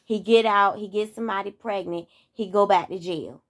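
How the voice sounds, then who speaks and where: A woman's voice: mid-range voice, fairly even intonation, normal speed, no echo, studio quality. A young woman in her twenties venting on her channel in a casual monologue, exasperated, repeating herself and throwing out rhetorical questions. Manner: talks straight to viewers, asks rhetorical questions. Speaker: vlogger.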